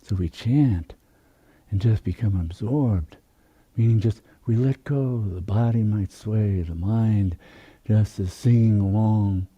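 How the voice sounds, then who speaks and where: Meditation teacher, male, low husky voice, very slow and gentle. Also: dull audio. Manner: soft, unhurried, drawn-out phrasing. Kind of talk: slow spiritual talk.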